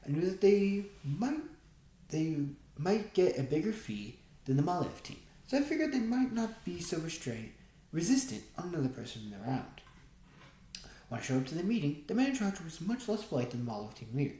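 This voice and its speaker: A woman reads a first-person memoir as an audiobook, keeping a measured, steady storytelling pace. Her voice sits low and mellow but moves through a lively range of pitch. The recording carries a noticeable room echo. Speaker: audiobook reader.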